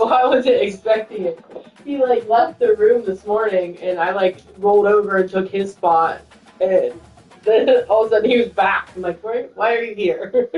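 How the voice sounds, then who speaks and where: A woman's voice: medium pitch, mellow. A woman in a casual gaming chat who swears freely and laughs often while she talks. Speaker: gamer chatting on voice chat. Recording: roomy, distant, dull lo-fi mic.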